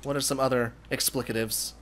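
A young man hosting a casual gaming livestream, excitable and swearing freely between laughs. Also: medium pitch, brisk, over a noisy crowd. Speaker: livestream host.

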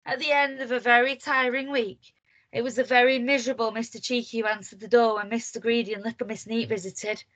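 A woman speaks fairly quickly in a fairly high voice. She teaches primary school and is reading a picture book aloud to young children, lively in tone and putting questions to them as she reads.

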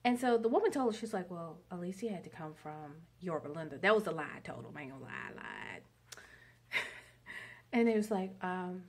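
A woman's voice: fairly low pitch, lively intonation, fairly quick, breathy edge. A woman vlogger telling a long story in a rambling, chatty monologue. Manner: chatty, rambling, many fillers.

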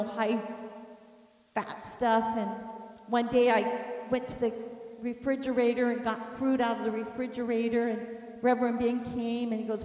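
Lady telling her story to a class, high voice, sounds far from the mic in a big echoey room. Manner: animated, emphatic storytelling to a class. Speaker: teacher of an inner healing course. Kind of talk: personal storytelling lesson.

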